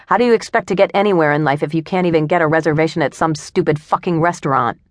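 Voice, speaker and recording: Woman doing a foul-mouthed screaming boss guy, deep voice, dry close sound, total bully. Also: quick pace, no room sound, close to an everyday voice. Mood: raging. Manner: yelling, barking orders, swearing.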